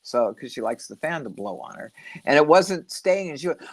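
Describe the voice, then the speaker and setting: A middle-aged woman hosting a casual livestream from home, rambling and telling stories with lively expression. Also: low-pitched, normal speed. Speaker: host.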